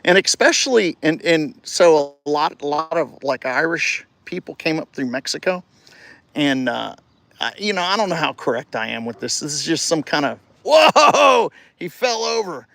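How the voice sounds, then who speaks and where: A man with a somewhat high voice chats casually into his phone outdoors on a residential street, coaching and cheering a child between long, halting rambles full of restarts. The sound is dry and close, with no echo around him. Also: lively intonation, vocal fry, fairly bright tone. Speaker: vlogger livestreaming. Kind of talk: casual live-stream chat.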